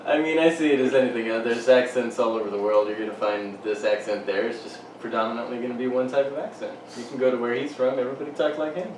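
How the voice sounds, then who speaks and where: A man's voice: medium pitch, fairly even intonation, fast, few pauses, noisy background. A man co-hosting a podcast, chatting loosely with a friend and swearing freely. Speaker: podcast co-host. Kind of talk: casual chat. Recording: roomy, distant mic.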